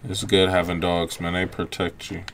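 A young man giving relaxed, reactive commentary over his own gameplay, breaking into quick exclamations. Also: low voice, creaky, slight background noise. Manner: laid-back, reactive, frequent exclamations. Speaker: gaming channel host. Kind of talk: let's-play gameplay commentary.

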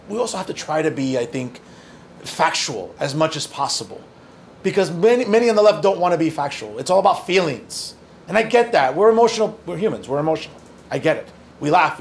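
A man's voice: on the high side, gravelly, a little hiss or hum. A man from northern New Jersey, an opinion journalist answering audience questions in a conversational, earnest way with joking asides. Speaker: opinion journalist and guest speaker. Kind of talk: audience Q&A talk.

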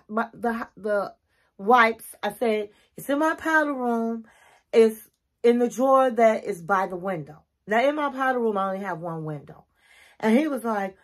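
A woman's voice: a little high, animated, moderate pace. A middle-aged woman giving relationship advice to camera in an earnest, coaching way, working through a numbered list of tips. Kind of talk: casual advice talk to camera.

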